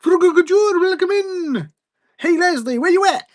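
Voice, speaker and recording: A man putting on the voice of a loud, high-voiced woman friend who hollers sing-song greetings. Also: lively intonation, normal speed, no room sound, clean studio sound. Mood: hollering. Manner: shouty, sing-song calls.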